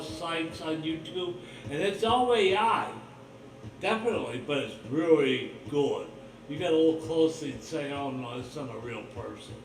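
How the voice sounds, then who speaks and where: A man with a fairly high voice hosts his own livestream, delivering a rambling, blunt, profane monologue full of suspicion. He's far from the mic, with background noise, a roomy echo, and faint ambience.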